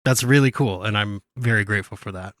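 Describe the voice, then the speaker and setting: A man's voice: on the low side, fast, fairly bright tone, no room sound, studio quality. A man co-hosting a casual podcast, enthusiastic and earnest, who often restarts his sentences. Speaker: podcast co-host.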